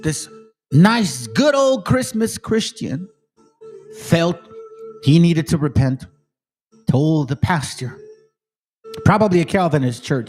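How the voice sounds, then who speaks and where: A man's voice: fairly high pitch, very animated, slow pace, long pauses, darkish tone, faint music behind. A man hosting a commentary stream, reacting to a clip in a profane, combative way and addressing viewers as fam. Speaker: host.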